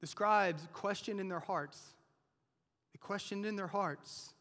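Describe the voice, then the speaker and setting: A male pastor preaching in a high-pitched voice. He delivers the sermon conversationally and keeps checking in with the listeners. The voice rings out with the long reverb of a large church hall. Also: takes it slowly, fairly bright tone. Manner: conversational preaching, frequent "like" and "right?".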